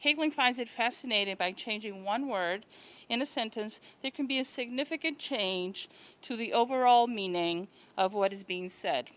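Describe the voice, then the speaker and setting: A woman's voice: a little high, moderate pace, fairly bright tone. A woman presenting an event, reading a formal scripted introduction of the next speaker. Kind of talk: read introduction.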